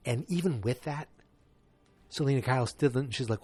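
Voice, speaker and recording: A man's voice: mid-range voice, expressive, fairly quick, long pauses, a little mellow, slightly rough. A man hosting a casual movie review podcast, talking in a loose, rambling way with lots of fillers and restarts. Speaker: podcast host.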